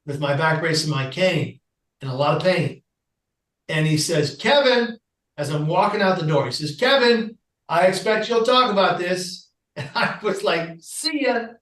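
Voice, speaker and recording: A man with a fairly high voice tells a personal story as a podcast guest, acting out the people he quotes with lively energy. He sits back from the microphone, so his voice carries a noticeable echo of the room. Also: far from the mic.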